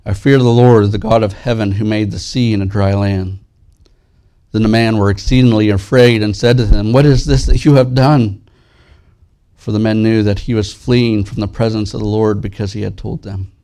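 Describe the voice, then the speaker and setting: Male pastor, low gravelly voice, earnest sermon delivery with a lifted scripture reading. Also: steady tone. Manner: earnest, rises and grows louder when reading scripture; drops soft and slow in prayer.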